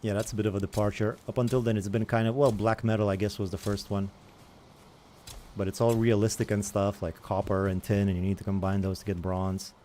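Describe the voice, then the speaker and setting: A man's voice: lowish voice, level tone, a little fast, dark tone, slight background noise. A man giving rambling, self-mocking commentary while he plays a survival game and answers chat. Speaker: gaming streamer. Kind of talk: casual let's-play commentary.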